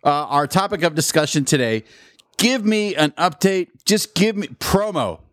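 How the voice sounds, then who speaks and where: A man's voice: on the high side, lively intonation, normal speed, fairly bright tone, no echo, studio quality. A man hosting a casual podcast interview, reacting with enthusiasm. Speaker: podcast host.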